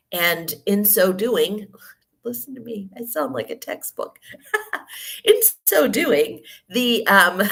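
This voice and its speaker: Croaky-voiced woman explaining at length. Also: on the low side, fairly bright tone. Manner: rambling, with frequent ums and self-corrections. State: croaky morning voice after a cold. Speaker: podcast host. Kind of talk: casual explanatory monologue. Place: hotel room.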